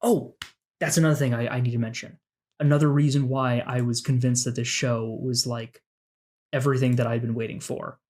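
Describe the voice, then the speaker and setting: A man's voice: mid-range voice, level tone, fairly quick, a little mellow. A man co-hosting a podcast in casual chat, talking in an earnest, enthusiastic, rambling way. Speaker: podcast co-host.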